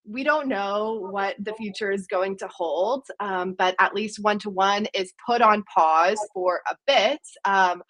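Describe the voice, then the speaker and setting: A woman hosting an online business webinar with a steady, mid-range voice. She reads out audience questions and answers them in a clear, organized way, with only the occasional um. She sounds like a professional presenter with a question-and-answer session to run. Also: medium pitch, unhurried, few pauses, rough recording. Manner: fluent, organized, with occasional ums. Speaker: sales director hosting a webinar.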